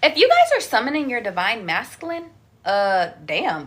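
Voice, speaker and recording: A woman's voice: a little high, wildly swooping pitch, moderate pace, fairly bright tone. A young woman giving a casual livestream tarot reading, chatty and slangy, swearing casually. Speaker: tarot reader.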